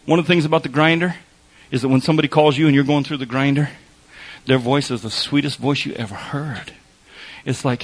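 A man's voice: mid-range voice, steady tone, fairly quick, poor audio. A man preaching a sermon in a conversational way, repeating phrases for emphasis and slipping in wry asides. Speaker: pastor.

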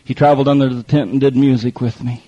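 A husky, mellow mid-range voice belongs to a middle-aged man who talks fast but keeps a steady tone. He preaches a folksy testimony sermon, telling stories, acting out other people, and repeating phrases. The recording is muffled and lo-fi.

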